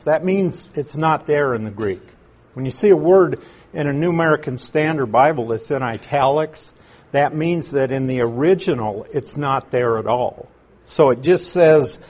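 A man teaching through a Bible passage verse by verse, slowing down to stress key words and asking his listeners questions. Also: medium pitch, darkish tone. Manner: asks the audience questions.

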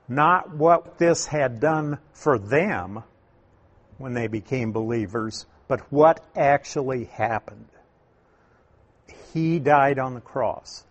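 A man teaching from the Bible, explaining Greek wording in a deliberate, emphatic way and asking rhetorical questions. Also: mid-range voice. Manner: emphatic, repeats key points, asks rhetorical questions; slow, deliberate delivery with stressed words.

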